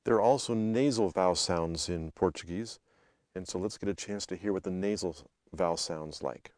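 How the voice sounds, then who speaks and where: A man teaching English vowel sounds, reading example words aloud one by one with deliberate, careful enunciation. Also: low-pitched, darkish tone, dry recording, studio quality. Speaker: language instructor. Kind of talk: instructional reading of word lists.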